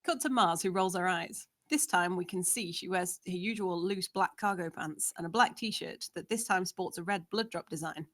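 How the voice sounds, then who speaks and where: A woman's voice: lowish voice, normal speed, few pauses, a bit bright. A woman narrating, steadily reading out the scene descriptions of a screenplay.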